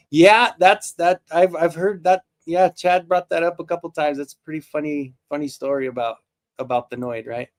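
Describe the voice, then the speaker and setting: Man, 40s, slightly high, easygoing and chatty live-stream host who rambles and jokes. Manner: rambling and chatty, with many restarts; laid-back and jokey. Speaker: toy show host. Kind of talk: casual live-stream chat.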